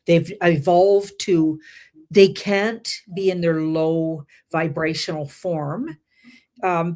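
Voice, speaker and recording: A woman with a slightly low voice speaks as a tarot reader in a casual interview. She gropes for words, with frequent uhs, likes and restarts. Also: darkish tone. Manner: hesitant, many fillers and restarts.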